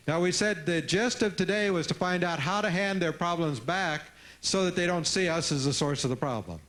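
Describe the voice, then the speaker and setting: A man speaking at a live parenting seminar, lively and teasing, coaxing answers from his audience. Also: on the high side, normal speed.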